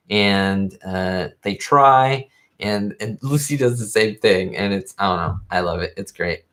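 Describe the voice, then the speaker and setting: Man, slightly low voice, casual livestream host, rambling, filler-heavy chat. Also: measured pace, fairly bright tone. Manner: rambling, fan-like, lots of fillers. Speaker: YouTube host.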